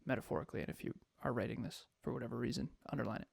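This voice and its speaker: Gravelly, animated male podcast host. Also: mid-range voice, rapid-fire, no room sound, clean studio sound. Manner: animated, emphatic, laughs often. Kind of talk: casual podcast chat.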